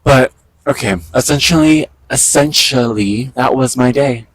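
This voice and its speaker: A man chatting casually into a handheld camera outdoors in a park, excitable and quick with asides, talking to the birds around him. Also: medium pitch, no echo, low-quality recording. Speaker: vlogger. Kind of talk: casual outdoor vlog chat.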